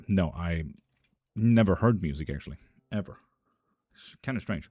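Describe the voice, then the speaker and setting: Male live-stream reader, low voice, very lively pitch. Reads chat aloud, then answers dry and teasing. Soft music in the background. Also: moderate pace, no echo.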